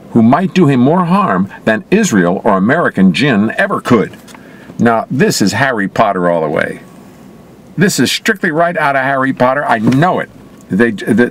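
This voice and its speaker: A man reading news reports aloud and adding wry, sarcastic asides of his own. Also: medium pitch. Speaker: commentator. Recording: loud traffic noise outdoors.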